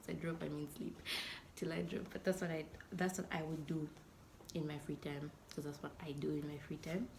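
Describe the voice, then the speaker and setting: A young woman from Zambia in her twenties talks casually to camera in a vlog, playful and chatty. Her lowish voice has a gravelly edge and often drops to a near-whisper. A faint hiss sits under the recording. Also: level tone, a little fast, a little mellow. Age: 20s. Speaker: vlogger.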